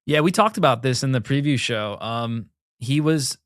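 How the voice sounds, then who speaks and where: A man's voice: mid-range voice, expressive, dry recording, studio quality. A man co-hosting a casual motocross talk show, asking pointed questions and weighing things up. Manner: curious, questioning, measured. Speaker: show co-host.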